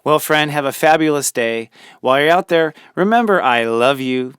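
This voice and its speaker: A man hosting a daily spiritual talk, gently encouraging the listener and calling them friend. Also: on the high side, animated, moderate pace, clear, resonant tone, dry recording. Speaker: spiritual podcast host.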